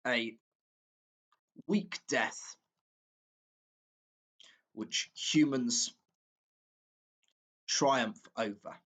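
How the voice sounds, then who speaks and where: Slow, halting male teacher. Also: mid-range voice, fairly bright tone, husky. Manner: slow, halting, with frequent fillers and self-corrections. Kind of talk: exam walkthrough lesson.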